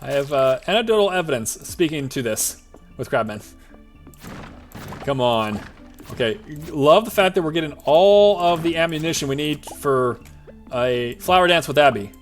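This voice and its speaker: Animated, rambling male game streamer. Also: fairly high pitch, normal speed, soft background music. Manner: rambling, jokey, self-talking asides. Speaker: VTuber streamer. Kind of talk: live-streamed gameplay commentary.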